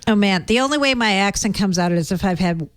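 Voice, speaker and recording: A woman's voice: medium pitch, lively intonation, a little fast, dry recording. Boston-area woman co-host, laughy and chatty, dry close mic. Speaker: podcast co-host. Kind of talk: casual chat.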